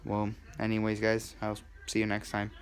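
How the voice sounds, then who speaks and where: A young man recounting a spooky personal story at home, speaking low and hushed into a handheld camera. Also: monotone, normal speed, clear, resonant tone, faint music behind. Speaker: vlogger. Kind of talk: first-person scary story telling. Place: at home, indoors.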